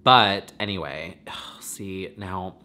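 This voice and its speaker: Speaking extremely slowly in a low, pushed, bright voice, a man runs his own vlog as a vlogger and podcast host. He rambles in an effusive, emotional monologue, tearful and close to breaking down.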